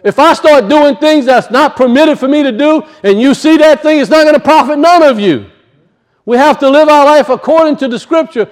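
A male pastor preaching a conversational sermon, acting out little voices and dropping low for asides. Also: normal speed.

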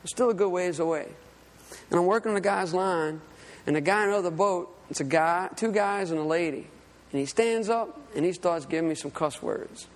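A man's voice: sits high, normal speed, big-room sound. A man preaching a sermon, telling a personal story in an earnest, conversational way. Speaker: lay preacher and fishing guide.

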